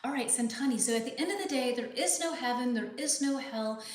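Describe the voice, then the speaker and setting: A woman's voice: fairly high pitch, a little fast. Chatty woman teacher in an echoey room. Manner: chatty, thinking aloud, frequent fillers and laughs. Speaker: English teacher hosting a live lesson. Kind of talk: casual live-stream chat reading viewer comments.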